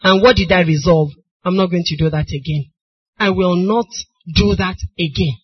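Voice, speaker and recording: A middle-aged woman with a Nigerian accent preaching a sermon, moving from soft storytelling to crying, shouted appeals. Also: fairly low pitch, moderate pace, slightly rough. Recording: dull lo-fi recording.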